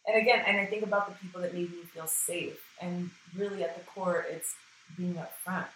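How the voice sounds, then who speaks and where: A woman's voice: fairly low pitch, fairly even intonation, fairly quick, a bit bright. A woman talking frankly and casually in a conversation, swearing freely and often acting out what she said. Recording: roomy sound from some distance with faint noise.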